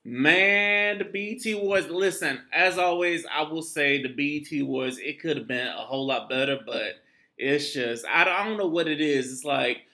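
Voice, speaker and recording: A man co-hosting a casual podcast, talking in an animated, slangy way and laughing often. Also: a little high, normal speed. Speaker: podcast co-host. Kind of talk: casual chat.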